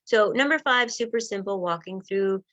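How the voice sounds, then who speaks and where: A woman coaching listeners through self-help steps and breathing exercises in a gentle, encouraging way. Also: medium pitch, moderate pace, no room sound. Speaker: wellness coach. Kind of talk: guided self-help talk.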